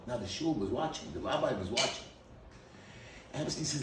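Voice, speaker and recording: A man giving a speech at a party, telling a dramatic story with an animated delivery. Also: fairly high pitch, moderate pace, creaky, pauses often. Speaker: speaker at a party. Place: event hall. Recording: echoey hall, mic from far off.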